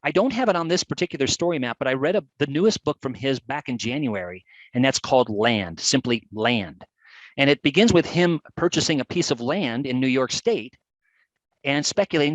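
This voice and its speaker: A man giving a lively live webcast presentation on geography, chatty and animated. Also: medium pitch, a little fast, dry recording, low-quality recording. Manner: animated, chatty, with playful put-on voices. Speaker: GIS educator presenting a webcast.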